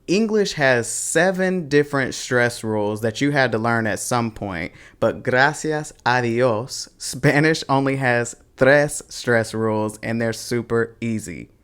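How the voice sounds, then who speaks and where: A man's voice: mid-range voice, a bit bright, smooth. A man teaching a pronunciation lesson in a scripted video, with a casual slangy manner. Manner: casual slangy, slow and deliberate. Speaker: Spanish teacher.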